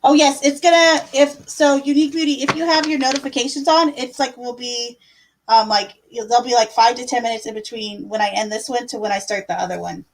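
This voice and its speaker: A woman's voice: fairly high pitch, steady tone, a little fast, poor audio. A young woman giving casual tarot readings on a live stream, chatty and full of fillers, calling viewers love and my dear. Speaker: livestream tarot reader.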